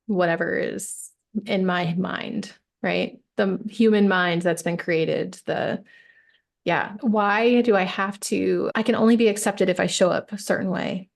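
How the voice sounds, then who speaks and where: A woman's voice: medium pitch, creaky. A woman coach talking as a podcast guest, reflective and emphatic, often checking in with "right?". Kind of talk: casual interview chat.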